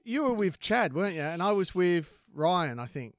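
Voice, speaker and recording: Aussie guy spinning a yarn, high voice, smooth and dry. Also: normal speed, no echo. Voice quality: swears freely, animated storyteller. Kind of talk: casual banter, storytelling.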